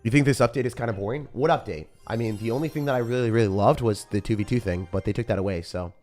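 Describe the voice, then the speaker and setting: Male game streamer, low and a bit hoarse, casual play-by-play and chat replies. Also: fast talker, darkish tone, faint music behind. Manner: casual, chatty, reads viewer comments aloud. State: rough morning voice. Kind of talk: live gameplay commentary and chat reading.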